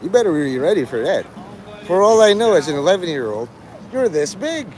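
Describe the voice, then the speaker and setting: A man's voice: sits high, very animated, fairly quick, a little mellow, a little hiss or hum. A man live-streaming in a rambling, sarcastic and profane way, mocking a chat viewer. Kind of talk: rambling livestream banter.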